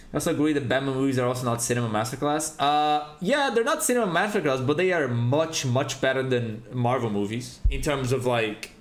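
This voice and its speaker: A man's voice: medium pitch, roomy sound, a little hiss or hum. A man streaming a game and chatting casually, ranting with lots of swearing. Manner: profane, animated ranting. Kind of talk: casual chat while gaming.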